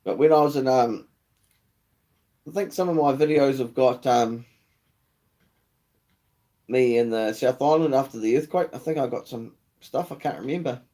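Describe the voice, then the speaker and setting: A man's voice: medium pitch, moderate pace, pauses often, mellow. A young man with a New Zealand accent hosting a casual live chat, slangy and swearing freely, calling viewers mate and bro. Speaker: livestream host.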